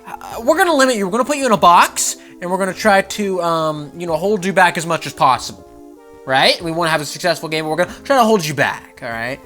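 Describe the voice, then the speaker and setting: A man putting on a high, sneering voice to play a grumpy, jealous older game designer. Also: very animated, fairly quick, hardly any pauses, sharp tone, faint music behind, full character voice.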